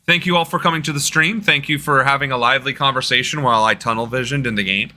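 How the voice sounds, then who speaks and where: Speaking fast with a sharp tone at a medium pitch, this young American man casually jokes with his stream audience as he plays a game. He's a political streamer, loose and talking to chat.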